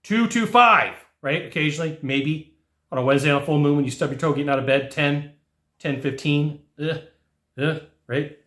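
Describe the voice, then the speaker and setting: A man teaching technicians about sales in a lively monologue, acting out whiny customer voices along the way. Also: on the high side, moderate pace, roomy sound. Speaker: sales trainer.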